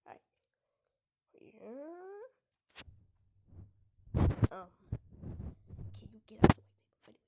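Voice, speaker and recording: A woman's voice: high-pitched, big pitch swings, unhurried, long pauses, heavy background noise. A young woman giving casual gameplay commentary, giggling and often dropping into half-whispered asides. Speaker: gamer.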